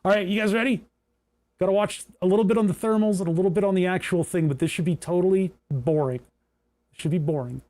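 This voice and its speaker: A young man streams himself troubleshooting electronics, thinking aloud and muttering as he works. His voice sits a bit high for a man yet has a mellow, soft tone. He gets exasperated and swears when the parts keep failing. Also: brisk. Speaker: livestream host. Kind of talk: casual livestream electronics tinkering.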